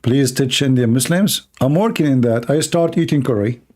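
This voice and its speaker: A man's voice: medium pitch, mellow. A man hosting a long live stream, reading aloud and mocking it with sarcastic asides and frequent laughter, his voice tired after hours of talking from a cold room at his computer. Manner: sarcastic, laughs often, slow and drawn out.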